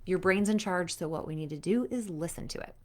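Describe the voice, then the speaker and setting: Chatty woman performance coach, lower voice. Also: brisk, a little mellow. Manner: chatty, frequent "like" fillers, acts out inner voices. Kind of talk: casual coaching talk.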